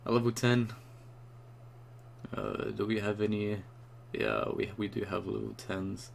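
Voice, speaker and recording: Rambling, excitable young man, low voice. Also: unhurried, vocal fry. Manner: rambling, excitable, swears often. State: just woke up. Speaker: YouTuber reviewing a card. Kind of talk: excited casual rant.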